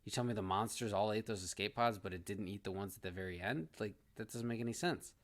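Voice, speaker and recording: A man's voice: fairly low pitch, fast talker. A man giving a casual movie review, blunt and exasperated, ranting with frequent restarts.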